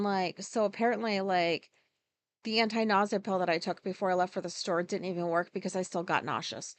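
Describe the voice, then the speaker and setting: A woman's voice: mid-range voice, no room sound. A woman podcast host telling a personal story in a candid, rambling monologue, swearing freely. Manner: frank and profane, rambling with many asides.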